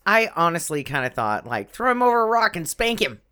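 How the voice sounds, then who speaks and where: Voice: medium pitch, sing-song, fairly quick, pushed and bright, smooth. A podcast co-host in casual comedic chat, making crude, wisecracking asides.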